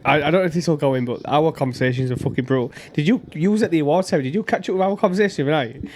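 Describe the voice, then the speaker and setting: A man's voice: on the high side, very fast. A man hosting a casual football watchalong podcast, bantering and swearing freely. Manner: swearing, banter-heavy, lively. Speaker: podcast host.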